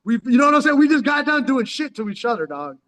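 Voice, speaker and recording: A man in his forties from San Diego spins stories in casual chat. His voice sits high, and his talk is loose street slang. He keeps calling his listener "dog" and acts out what everyone said. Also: fast. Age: 40s. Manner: street slang, keeps saying "dog", animated retelling with acted-out quotes. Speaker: storyteller.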